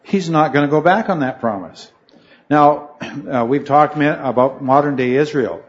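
Guy teaching bible study to a class, kinda high voice, restarts his sentences a lot, muffled lo-fi sound. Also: moderate pace. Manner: rambling, self-correcting, asks the class questions. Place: room with a noisy fan.

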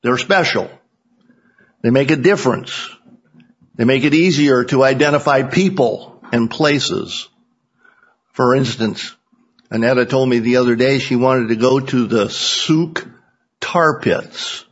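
Middle-aged Sunday school teacher, folksy jokester, slow delivery on a muffled recording. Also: male voice, mid-range voice, slightly rough. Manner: folksy, joking, unhurried. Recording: dull lo-fi recording.

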